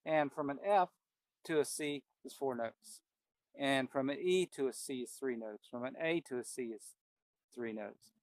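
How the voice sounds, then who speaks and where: A man's voice: mid-range voice, normal speed, no room sound. A man giving a casual ear-training lesson at the piano, naming the notes he plays and thinking aloud as he goes. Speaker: piano teacher. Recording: piano loud behind voice. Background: piano playing.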